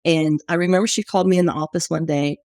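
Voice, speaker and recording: She talks fast in a low, steady, slightly mellow voice, captured in a dry, clean studio recording. A New Orleans business owner, she's open and chatty in a conversational interview, spinning stories full of fillers.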